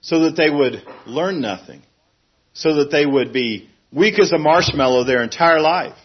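Husky-voiced man preaching a sermon. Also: measured pace, dull audio. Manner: earnest, plain-spoken, acts out a fussing parent with sudden high pitch.

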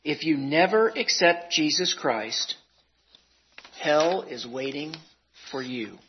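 A male preacher delivering a sermon with a dramatic poem reading, in a slow, deliberate and emotional way. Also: on the high side, slight background noise. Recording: dull lo-fi recording.

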